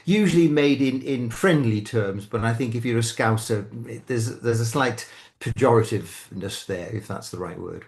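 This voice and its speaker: An older Englishman with a British accent, talking casually at an ordinary, middling pitch. He stumbles and restarts often, correcting himself mid-sentence as he works out his point. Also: gravelly, darkish tone. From England. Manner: halting, frequent restarts and self-corrections. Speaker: guest commentator. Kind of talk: casual chat.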